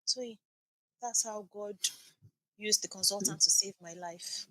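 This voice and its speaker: Woman, 30s, podcast guest; bright, forceful voice, dry close sound, lively storyteller who voices every exchange. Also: medium pitch, unhurried, no echo. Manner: animated, acts out quoted dialogue. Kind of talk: emotional storytelling.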